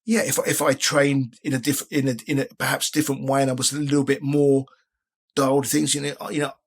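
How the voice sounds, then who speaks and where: A man's voice: mid-range voice, flat delivery, a little fast, slightly rough. A man around sixty, a guest in a casual interview, talking in a rambling way with many restarts. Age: 60s. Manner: rambling, frequent restarts and filler phrases.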